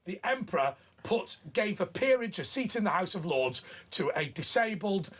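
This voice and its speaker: A man from Britain co-hosting a TV talk show, talking emphatically and often asking "right?" in lively studio banter. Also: sits high, normal speed.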